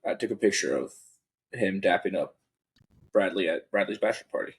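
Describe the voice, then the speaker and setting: A man with a husky, slightly raspy voice chatting on a sports podcast. He sits a bit low in pitch and keeps an easygoing, unhurried manner as he talks over his picks. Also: lively intonation. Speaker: podcast co-host. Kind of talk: casual sports chat.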